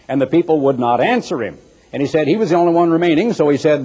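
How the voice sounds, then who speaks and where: A man preaching a sermon in an animated, teasing way, acting out mocking voices as he goes. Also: on the high side, fast, husky. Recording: echoey hall with long reverb.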